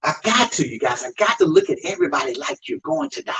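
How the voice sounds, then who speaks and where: A man's voice: very high-pitched, wildly swooping pitch, fast talker, creaky, fairly bright tone, slightly rough, rough recording. A man who works as an undertaker and hosts a show, talking emphatically about grief in a preaching style and calling out to the audience. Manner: emphatic, calls out to the audience with "y'all".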